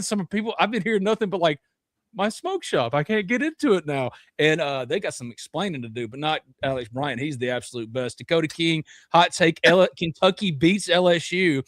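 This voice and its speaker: Higher-voiced man, chatty joking host. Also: a little fast, hardly any pauses, a bit bright, no echo, studio quality. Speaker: podcast host. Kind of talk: casual podcast chat.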